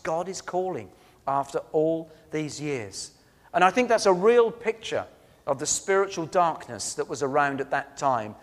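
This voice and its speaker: A preacher with a somewhat high voice tells stories earnestly, pressing hard on key words and then dropping to a soft tone. The long reverb of a church hall surrounds his voice as he swings between loud and soft.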